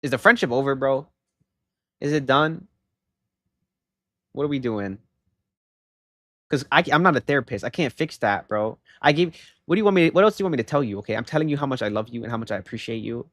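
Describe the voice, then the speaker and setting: A young male streamer talks into a desk mic in emphatic, rambling casual chat, with plenty of "bro" and "okay?". His pitch sits in the middle range for a man. The sound is dry and close, with no room echo at all. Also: expressive, fairly quick, pauses often, fairly bright tone. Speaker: livestreamer.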